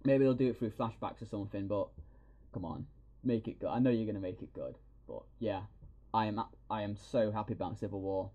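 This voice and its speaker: A man hosting a podcast, excitedly retelling a film scene by scene with plenty of swearing. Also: fairly low pitch, a little fast, dull audio. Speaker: podcast host. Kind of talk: casual film review chat.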